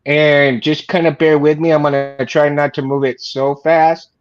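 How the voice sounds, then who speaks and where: A man's voice: a little high, little pitch movement, normal speed, dull audio. A man who builds lightsabers, chatting casually and hesitantly on a livestream video call. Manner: hesitant, many fillers. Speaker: lightsaber maker.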